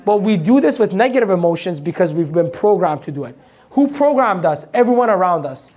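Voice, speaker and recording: Blunt, energetic male motivational trainer. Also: high voice, a little fast. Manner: energetic, fires rhetorical questions at the audience; blunt, casual swearing, laughs at his own points. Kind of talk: live training talk to an audience.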